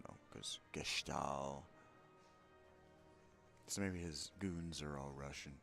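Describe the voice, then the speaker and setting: A deep-voiced man talking slowly through a let's play, musing aloud about where to go next. His commentary is unhurried and self-directed. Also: vocal fry, a bit bright, soft background music.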